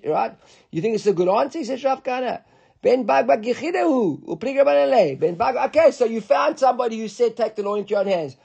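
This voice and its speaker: Animated high-voiced man teaching Talmud. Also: gravelly, husky. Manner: animated, stumbling restarts, mixes Hebrew and Aramaic terms. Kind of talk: daily Gemara class.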